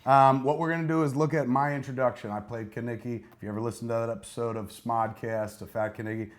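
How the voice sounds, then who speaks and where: A man in his forties hosting casual commentary over old footage. He is wry and constantly self-mocking, and his voice sits at an ordinary middle pitch. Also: fairly even intonation, fast. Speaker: host.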